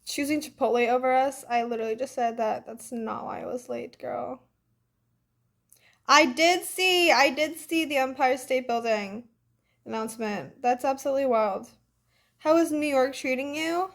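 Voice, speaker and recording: A woman's voice: high voice, moderate pace, vocal fry. A young woman chatting casually on a phone livestream and reading fan comments, a bit congested, breezy and full of "like" and "literally".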